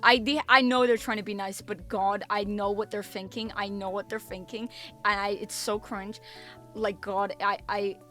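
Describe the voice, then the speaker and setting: A young woman, a streamer chatting casually and telling an embarrassing story in an animated way. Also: mid-range voice, moderate pace, faint music behind. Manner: animated storytelling with swearing and acted-out quotes. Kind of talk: casual chat.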